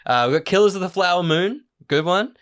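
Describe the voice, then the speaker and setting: A man's voice: high voice, lively intonation, brisk, a bit bright, clean tone. A man hosting a movie podcast, casually reading out listener picks with laughs and asides. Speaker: podcast host. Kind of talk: casual chat.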